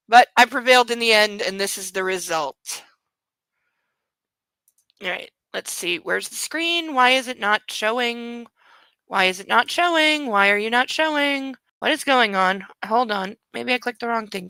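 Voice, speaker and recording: A woman's voice: fairly high pitch, sharp tone, no echo, rough recording. A woman hosting a book show, chatting casually and laughing at herself. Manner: chatty and self-amused, with frequent laughs. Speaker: host. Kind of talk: casual chat.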